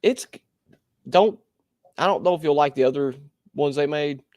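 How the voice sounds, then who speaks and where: A man co-hosting a podcast in casual chat, animated and laughing, swearing freely. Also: a little high, moderate pace, no room sound, clean studio sound. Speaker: podcast co-host.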